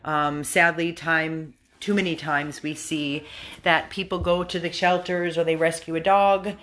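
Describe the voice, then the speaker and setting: A woman's voice: low voice, little pitch movement, a little slow, fairly bright tone. Earnest American woman pleading for a rescue dog. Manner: earnest, coaxing baby talk to the dog. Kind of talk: appeal video to viewers. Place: room at a dog rescue house.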